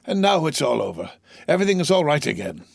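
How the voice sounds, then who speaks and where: A man voicing a gentle, humble old father who speaks softly and modestly. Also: fairly high pitch, big pitch swings, fast, creaky, no room sound, pitched above the performer's own voice, heavily acted. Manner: gentle, soft-spoken.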